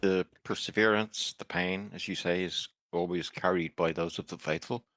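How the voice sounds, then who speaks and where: A man voicing a skeptical adventurer who questions a cleric's faith in a slow, probing way. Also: low voice, steady tone, a bit bright, no echo.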